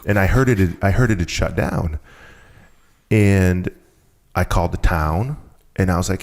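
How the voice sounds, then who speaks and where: A man's voice: low-pitched, a little slow, long pauses, darkish tone. A man talking as a podcast guest, telling a story and acting out the people he quotes. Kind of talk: storytelling conversation.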